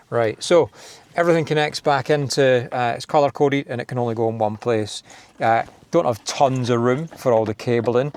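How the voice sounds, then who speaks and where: A man's voice: medium pitch, a little mellow. Chatty Scottish man doing a car install. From Scotland. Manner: chatty, self-deprecating, thinking aloud while working. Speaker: car DIY video host. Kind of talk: casual install walkthrough. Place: inside a parked car.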